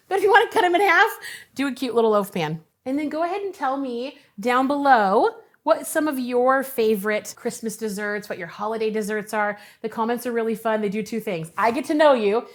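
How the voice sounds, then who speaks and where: A young adult woman hosting a cooking show, chatting casually and giggling as she assembles a dessert. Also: a little high. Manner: chatty, bubbly, giggles often.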